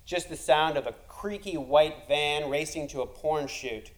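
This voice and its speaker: A man's voice: fairly high pitch, measured pace, low-quality recording. A man telling a comic personal story, wry and self-deprecating, building to punchlines.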